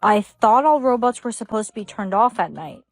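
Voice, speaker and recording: A woman's voice: mid-range voice, expressive, normal speed, no room sound. A woman content creator acting in a comedy skit with a matter-of-fact, playful delivery. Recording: faint background music.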